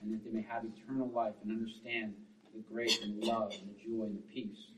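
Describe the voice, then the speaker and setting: A man preaching a sermon as pastor, swinging between forceful, loud lines and hushed, quiet ones. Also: fairly low pitch, little pitch movement, a little fast, slight background noise. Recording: roomy, distant, dull sound.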